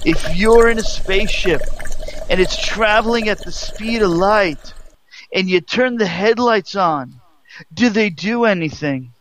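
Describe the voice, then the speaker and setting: A man's voice: high-pitched, a little slow, a bit bright, a little hiss or hum, poor audio. A man co-hosting a casual call-in talk show, rambling earnestly with frequent restarts. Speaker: co-host. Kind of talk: casual radio-style call-in chat.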